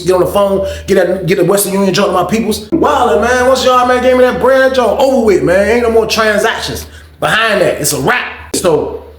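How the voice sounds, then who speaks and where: A young man casually retelling a story in a slangy, profane, animated way. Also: high-pitched. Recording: roomy echo.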